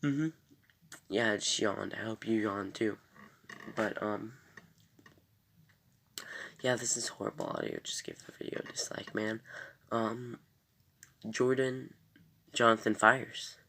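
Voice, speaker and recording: A man's voice: lowish voice, big pitch swings, slow, creaky, long pauses, pushed and bright. A man casually recapping a TV episode in a rambling way, full of fillers and self-corrections. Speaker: TV episode reviewer.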